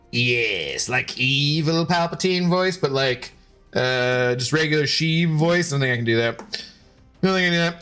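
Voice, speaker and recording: A man in his thirties with a somewhat high voice, chatting casually as he streams a game. He rambles and restarts his sentences often, with faint music underneath. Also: a bit bright. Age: 30s. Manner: rambling, many fillers and restarts. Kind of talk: casual live-stream chat while gaming.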